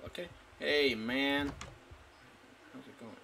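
A man's voice: medium pitch, steady tone, slow, gravelly, bright, forceful tone, a little hiss or hum. A man casually commenting while playing a game, talking to his in-game pet and squealing when delighted. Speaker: gaming YouTuber. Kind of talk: casual let's-play commentary. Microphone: desktop mic.

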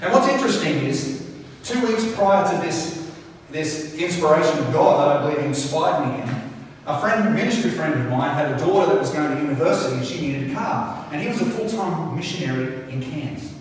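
High-voiced pastor in echoey hall. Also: male voice, fairly quick. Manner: animated storytelling with frequent restarts. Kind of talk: sermon. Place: large church hall. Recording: echoey hall, distant mic, faint hiss.

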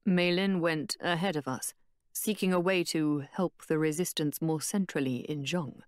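A woman voicing a calm, solemn male warrior guide who speaks in a measured, reassuring way. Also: on the high side, no room sound, clean studio sound, pitched below the performer's own voice, close to an everyday voice. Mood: earnest.

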